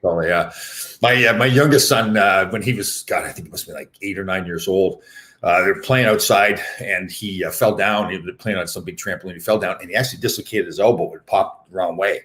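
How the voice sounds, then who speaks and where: Male podcast host in his fifties, low voice, rapid rambling delivery full of "uh"s and restarts. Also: fairly bright tone. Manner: rambling, with many fillers and restarts. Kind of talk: casual interview chat.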